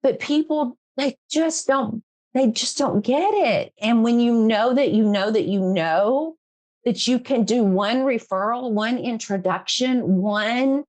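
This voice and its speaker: A middle-aged woman hosts a podcast conversation with a slow, unhurried delivery and a slightly high voice. She speaks earnestly, repeating lines for emphasis and breaking into laughter often. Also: a little mellow. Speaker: podcast host. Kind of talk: emotional interview chat.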